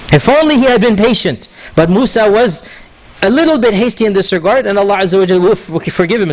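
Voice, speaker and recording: High-voiced man telling a sermon story. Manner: animated storytelling, frequent rhetorical "right?". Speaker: religious teacher.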